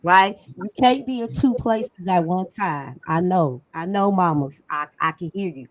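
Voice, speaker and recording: A woman's voice: on the low side, unhurried, few pauses, dry recording, low-quality recording. A middle-aged woman co-hosting a podcast discussion, talking emphatically and conversationally with frequent laughs. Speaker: podcast co-host.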